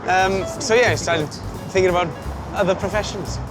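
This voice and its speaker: A Welsh man in his thirties, an actor guest telling stories in a casual interview, self-deprecating and quick to laugh. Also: high-pitched, music in the background. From Wales. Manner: animated storyteller, self-deprecating, laughs often. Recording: noisy background.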